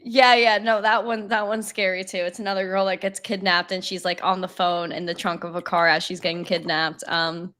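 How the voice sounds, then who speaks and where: A woman's voice: fairly low pitch, level tone, a little fast, hardly any pauses, a bit bright. Chatty young woman full of fillers. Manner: rambling, lots of "like", laughs easily. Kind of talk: casual chat.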